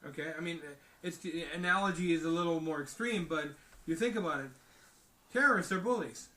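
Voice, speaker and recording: A man's voice: a little high, fairly quick, pushed and bright, roomy sound, recorded from a distance. A man co-hosting a casual discussion, talking emphatically and tagging his points with "okay?" and "you know?". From outside the United States. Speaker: podcast co-host.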